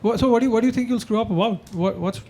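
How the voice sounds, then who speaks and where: A man's voice: high-pitched, racing. A man hosting a stage comedy panel, firing off joking questions at his guest. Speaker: host. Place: stage before an audience. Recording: loud background noise.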